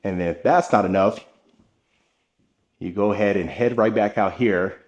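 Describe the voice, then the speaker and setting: A man with a slightly low voice narrates a home tour from inside a large house. He speaks with steady enthusiasm and talks directly to the people watching. The sound comes from a handheld camera carried as he moves between rooms. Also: moderate pace, lo-fi sound. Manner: enthusiastic, addresses viewers directly.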